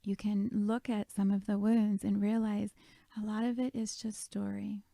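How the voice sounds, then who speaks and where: A woman leading a guided meditation, speaking softly and gently, often half-whispered. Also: mid-range voice, level tone, moderate pace, creaky, no room sound.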